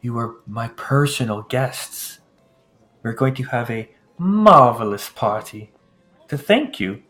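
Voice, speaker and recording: A man putting on a fussy, self-important lord who stretches out his words in a grand theatrical drawl. His voice swoops up and down with lively range, sitting at an everyday middle pitch. A figure from a tabletop role-play. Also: faint music behind. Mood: insistent. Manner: drawn-out, theatrical, affected aristocratic drawl. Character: pompous fussy male noble lord, host.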